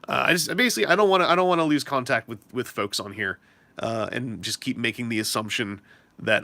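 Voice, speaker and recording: Streamer type: young guy, bright and animated, chatty and self-deprecating, close dry mic. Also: medium pitch, a little fast, gravelly, no room sound. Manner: rambling, self-deprecating, lots of fillers. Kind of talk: casual livestream chat.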